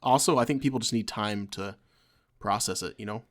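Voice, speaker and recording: A man co-hosting a casual gaming podcast, talking in a relaxed way and giving short agreeing replies. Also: lowish voice, fairly quick. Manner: relaxed, reads blog text aloud, short agreeing replies. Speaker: podcast co-host.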